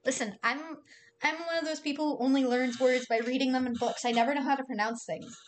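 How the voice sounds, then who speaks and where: A young woman with a somewhat high voice plays a visual novel on a live stream from home. She reads the story lines aloud, then drops into loose, chatty asides and mock exasperation at the game. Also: fairly even intonation, fast, slight background noise.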